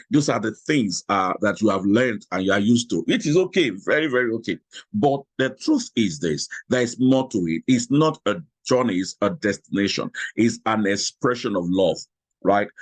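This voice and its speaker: A man's voice: lowish voice, animated, moderate pace, no echo. A middle-aged man with a Nigerian accent teaching a class on marriage, chatty and frank, often repeating himself. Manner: chatty, repetitive, frank storytelling. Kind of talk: class lecture with stories.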